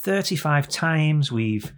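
A man's voice: fairly high pitch, lively intonation, slow, fairly bright tone. A young man co-hosting a podcast in a jokey, rambling chat with playful repetition. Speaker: podcast co-host. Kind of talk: casual chat.

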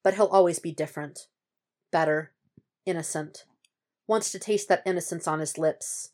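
A woman reading a piece of fan fiction aloud as an audiobook, at a steady, measured pace. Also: deep voice. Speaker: podfic reader.

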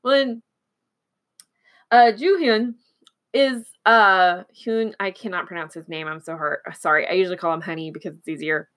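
A woman's voice: lowish voice, steady tone, moderate pace, fairly bright tone. Woman from Oklahoma, casual chat, giggly, rambling, lots of fillers. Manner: chatty and giggly, many fillers and restarts.

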